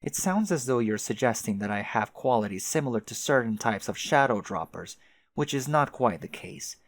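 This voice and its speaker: Man voicing a female vampire troll, calm, formal, measured, gravelly. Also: medium pitch, no echo, close to an everyday voice.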